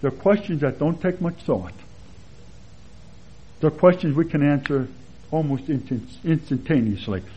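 A man giving a conversational expository sermon as a Bible teacher, relaxed and chatty, with anecdotes and chuckles along the way. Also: fairly high pitch, measured pace, long pauses, breathy edge. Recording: dull lo-fi sermon recording.

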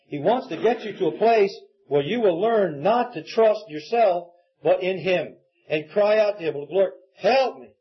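Male pastor, high husky voice, earnest sermon delivery, dull lo-fi recording. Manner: earnest preaching, acts out quoted pleas.

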